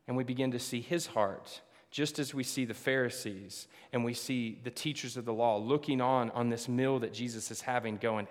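A man preaching a sermon to a congregation, swinging between loud emphatic lines and hushed ones. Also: mid-range voice, steady tone, moderate pace, hardly any pauses. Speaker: pastor. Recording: long hall reverb.

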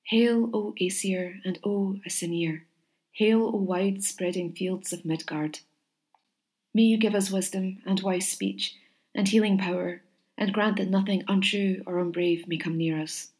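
A woman's voice: mid-range voice, steady tone, measured pace, a little mellow, close to an everyday voice. Storybook Valkyrie, proud and grave, declaiming solemnly; a woman puts her on. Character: proud, stern young woman, a waking Valkyrie.

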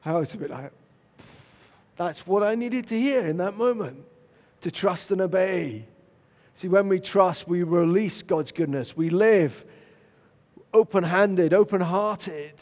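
A man preaches, his voice sitting a little high as it rings through the long reverb of a large hall. He tells stories with animation, sometimes shouting and sometimes dropping to a hushed, reflective tone. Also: measured pace, pauses often. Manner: animated, shifts to loud shouts and quiet reflection. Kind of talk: sermon with storytelling.

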